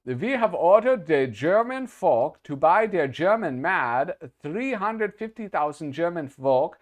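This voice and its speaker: Stern bossy publisher guy talking slow and threatening, pitched way up, a man doing the voice. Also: big pitch swings. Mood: menacing. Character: stern authoritarian male magazine publisher.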